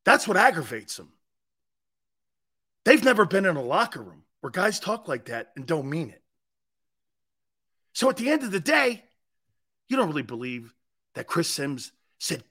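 A man hosting a live sports talk show, ranting bluntly and combatively, with sudden shouted outbursts. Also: a little high.

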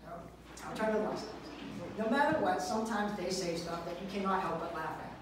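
A man's voice: high-pitched, a little fast, background noise. A man doing a stand-up comedy set, telling crude workplace stories and acting out what people said. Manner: storytelling with crude jokes and acted-out quotes. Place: live show venue with audience. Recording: very echoey room from far off.

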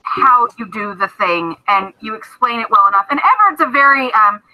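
A woman's voice: fairly high pitch, animated, normal speed, lo-fi sound. A woman narrating a tabletop game as game master, chatty, with many fillers and restarts.

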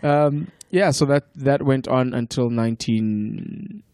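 A man in his thirties from South Africa, a podcast guest telling stories in a relaxed, profane way and laughing often. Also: medium pitch, slow, dry recording, studio quality. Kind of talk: casual chat.

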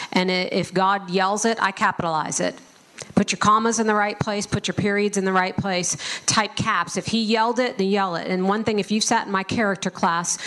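Woman, church teacher, mid-pitched, firm and emphatic. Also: a bit bright. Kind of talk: sermon.

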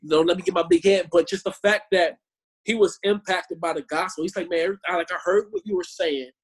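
A man, a Christian musician, telling stories in a casual chat, animated and fond of repeating words. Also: high-pitched, quick pace, slightly rough. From born in Chicago, raised in Omaha. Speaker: Christian musician and street preacher.

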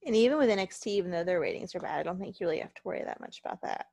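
A woman's voice: on the low side, lively intonation, very fast, creaky, dark tone, no room sound. A tired, ill woman co-hosting a casual wrestling podcast, ranting heatedly and swearing a lot. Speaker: podcast co-host.

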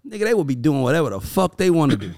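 A man in his thirties co-hosting a casual talk show, telling loud, animated stories. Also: on the high side, rapid-fire. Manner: loud, animated storytelling with profanity. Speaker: podcast co-host. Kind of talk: casual chat.

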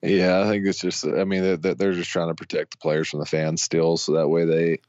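Lower-voiced rambling co-host, muffled line. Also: male voice, dry recording. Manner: rambling, halting, many restarts, excitable fan. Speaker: podcast co-host. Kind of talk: casual sports talk.

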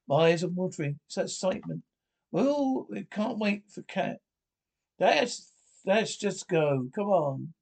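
Men acting out quick, bickering dialogue from a British TV sitcom. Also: male voice, high-pitched, expressive, vocal fry, darkish tone, heavily acted. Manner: bickering, quick comic banter.

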